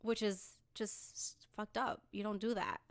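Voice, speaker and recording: A woman's voice: mid-range voice, steady tone, measured pace, dry recording. A young woman co-hosting a podcast in casual chat, sassy and emphatic, often laughing and swearing. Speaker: podcast co-host.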